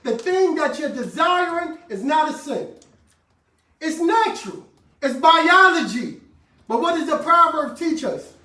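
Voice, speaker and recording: A man with a high voice preaches a sermon in call-and-response style, breaking into shouted bursts and then dropping into casual slangy asides. He sounds distant from the mic, in an echoey worship room with faint background noise. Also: lively intonation, measured pace.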